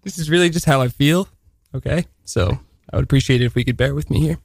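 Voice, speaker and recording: A man's voice: medium pitch, fast talker, no room sound. A man co-hosting a comedic radio show, speaking with mock earnestness and playful timing. His voice sits mid-range and is recorded close and dry in the studio.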